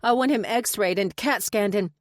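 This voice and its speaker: A woman's voice: mid-range voice, moderate pace, no echo, studio quality, pitched above the performer's own voice, close to an everyday voice. A woman voicing a worried young woman who coaxes and insists, in an audiobook. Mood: urgent. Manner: coaxing, urgent.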